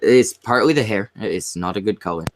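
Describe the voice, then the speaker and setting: A man's voice: fairly low pitch, normal speed, a little hiss or hum. A man in crude casual chat on a stream, stammering and swearing as he rambles.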